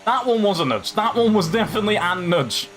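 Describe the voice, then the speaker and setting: A man's voice: high-pitched, a little fast, slight background noise. A young man commentating his own sim race live, chatting to opponents and viewers as he drives. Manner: animated, talks to other drivers and chat while racing. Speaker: sim racing streamer.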